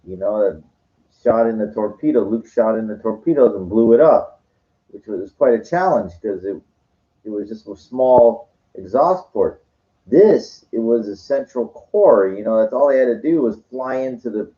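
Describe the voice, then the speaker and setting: A tired, sugar-hyped man rambling in a casual monologue, full of stuttering restarts and swearing, on a dull lo-fi recording. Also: lowish voice. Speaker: channel host.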